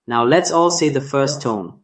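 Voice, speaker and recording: A man narrating a scripted language lesson, speaking deliberately and drawing out sounds to demonstrate them. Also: mid-range voice, animated, fairly bright tone. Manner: slow, deliberate delivery demonstrating tones with drawn-out sounds. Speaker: language teacher.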